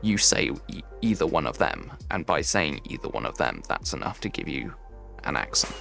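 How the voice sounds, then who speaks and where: Young male streamer, Midlands English accent, very lively pitch swings, chatty and rambling. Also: normal speed, creaky, over music. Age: young adult. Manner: chatty, rambling, answers chat while building. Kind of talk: casual gaming livestream chat.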